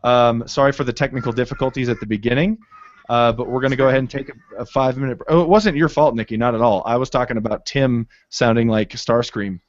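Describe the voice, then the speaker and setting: A man narrating a tabletop game as game master, with halting restarts and fillers. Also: mid-range voice, steady tone. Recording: dull lo-fi stream audio.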